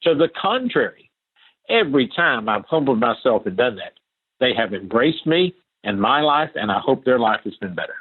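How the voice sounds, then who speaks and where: A man's voice: medium pitch, big pitch swings, normal speed, husky, narrow, tinny audio. An older man from Appalachia, a guest answering interview questions in an earnest, emphatic way that repeats key phrases.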